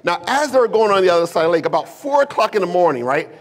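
A male pastor with a high voice, big pitch swings and a quick pace preaches a sermon to a live congregation in a church sanctuary, weaving humor, slang and rhetorical questions into his storytelling.

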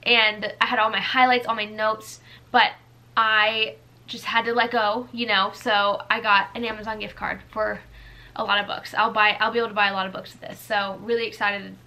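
A woman's voice: mid-range voice, little pitch movement, moderate pace, pushed and bright. A woman in her twenties from the United States, chatting casually through a haul of gifts, gushing and rambling with fillers. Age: 20s. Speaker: vlogger.

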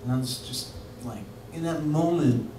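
A man's voice: fairly high pitch, moderate pace. Rambling man telling a story, echoey. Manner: rambling and laughing, full of fillers. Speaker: musician telling a story on stage. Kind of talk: live anecdote. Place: bar music venue. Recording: echoey live room from far off with noise.

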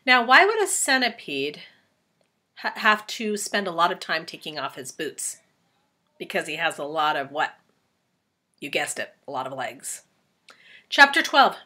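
A woman teacher reading a storybook aloud to children, animated and stopping to ask them questions. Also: on the low side.

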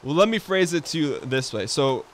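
A man hosting a let's play, chatting casually in a relaxed, rambling way and laughing easily. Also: a little high, moderate pace, slight background noise. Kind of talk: casual gaming chat.

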